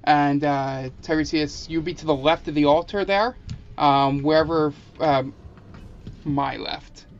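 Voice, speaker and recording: A man's voice: on the high side, fairly even intonation, measured pace, highs cut off, a little hiss or hum. A man narrating as game master at a tabletop game, loose and rambling with many fillers.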